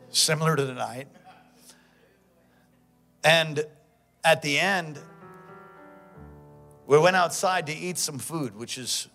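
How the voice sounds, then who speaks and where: A man preaching a sermon as pastor, with fervent call-and-response that swings between shouting and quiet storytelling. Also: mid-range voice.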